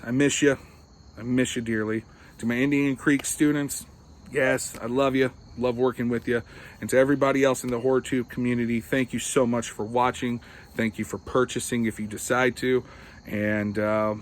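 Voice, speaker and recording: A man who teaches and writes, making a casual, earnest video announcement and talking haltingly with many restarts. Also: mid-range voice. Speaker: teacher and author.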